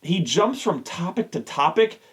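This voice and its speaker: A man's voice: sits high, big pitch swings, measured pace. A man hosting a show, ranting with exasperation and heavy swearing. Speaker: show host. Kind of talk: profane rant.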